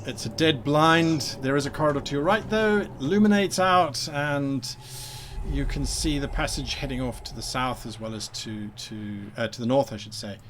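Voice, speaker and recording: A man narrating a tabletop game as game master, describing scenes in a relaxed way with fillers. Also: medium pitch, moderate pace, slight background noise.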